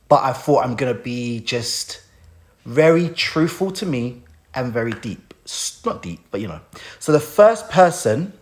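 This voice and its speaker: A man hosting a casual live stream, talking in a heartfelt and emotional way as he thanks people. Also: medium pitch.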